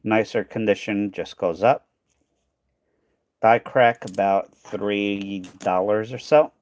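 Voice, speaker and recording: A man's voice: on the low side, slow pace, a little mellow, dry recording. A man hosting a casual coin hunting stream, thinking aloud and trailing off, tired and losing his voice. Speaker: coin hunting channel host. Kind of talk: casual livestream chat while sorting coins.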